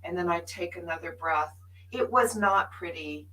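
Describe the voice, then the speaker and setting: A woman's voice: on the low side, normal speed, pushed and bright, recorded from a distance, rough recording. A woman co-hosting a spiritual live show, sharing her journey in an earnest, emphatic way. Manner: earnest and emphatic, laughs often.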